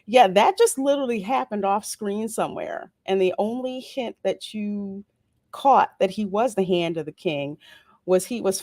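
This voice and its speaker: A woman hosting a casual solo livestream review of a TV episode. She reads viewer comments aloud and answers them in a relaxed, playful way with frequent asides. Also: medium pitch, dry recording. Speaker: host of a show review channel.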